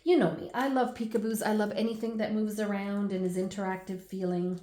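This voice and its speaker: A woman in her forties, the host of a scrapbooking channel, chatting through a baby album at home with laughs and animated asides. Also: medium pitch, fairly quick, echoey room. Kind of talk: casual chatty album walkthrough.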